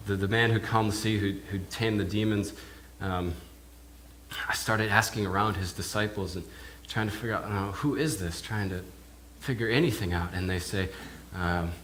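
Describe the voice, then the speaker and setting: A man, a minister, telling a sermon in character as a first-person eyewitness, halting and repeating words as he goes. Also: fairly low pitch, fairly bright tone, slight background noise. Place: church.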